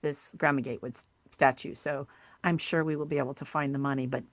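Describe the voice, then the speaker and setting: A middle-aged woman, a podcast guest, telling personal stories in an earnest, animated way. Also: very deep voice, quick pace, no echo. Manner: earnest, animated storyteller acting out quoted voices. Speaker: podcast guest, sculptor and hiking group founder. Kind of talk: conversational storytelling interview.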